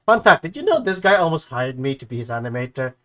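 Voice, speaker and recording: A man's voice: medium pitch, sing-song, fast talker, bright, forceful tone. Young male streamer, casual and rambling reaction talk. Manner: rambling, with many fillers.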